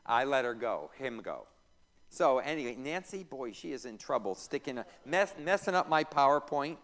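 A man's voice: medium pitch, very animated, normal speed, fairly bright tone. A man, a pastor, teaching a Bible class in a church. He tosses in joking asides, reads scripture aloud and quizzes the class. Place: church room. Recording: reverberant church hall.

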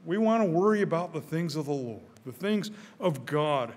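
Older man, high-pitched, preaching, repeats himself, echoing church hall. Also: expressive, normal speed, darkish tone. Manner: earnest, repeats his words, rises in pitch and volume when stirred. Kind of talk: sermon. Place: church sanctuary. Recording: church hall with long reverb.

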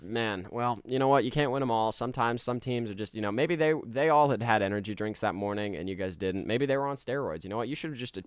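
A man's voice: mid-range voice, quick pace, hardly any pauses, smooth, no room sound, studio quality. Jokey man doing gaming commentary. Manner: jokey, banters with the game. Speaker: gaming video creator. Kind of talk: playful let's-play commentary.

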